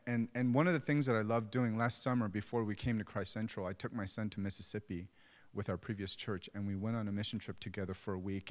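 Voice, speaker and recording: A middle-aged man preaching as a pastor, conversational and self-deprecating as he tells stories about his own family. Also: fairly low pitch. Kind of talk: sermon. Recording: long hall reverb.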